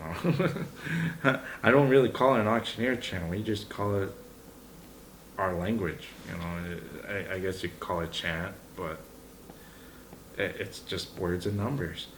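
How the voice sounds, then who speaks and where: Low-voiced auctioneer man. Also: a bit bright, slight background noise. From Alberta, Canada. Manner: rapid rhythmic auction chant. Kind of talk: casual tutorial.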